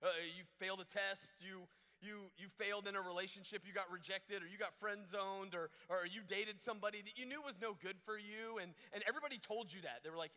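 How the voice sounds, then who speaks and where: A young man telling a funny story in a youth camp sermon, animated and jokey, acting out what people said. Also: sits high, fast. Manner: animated, jokey, acts out quotes in different voices. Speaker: camp speaker. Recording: echoey hall reverb.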